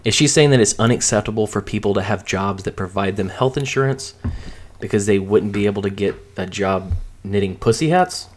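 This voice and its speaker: A man with a fairly low voice co-hosting a casual podcast. He drops dry, mocking quips and short comebacks. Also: brisk. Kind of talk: casual political podcast chat.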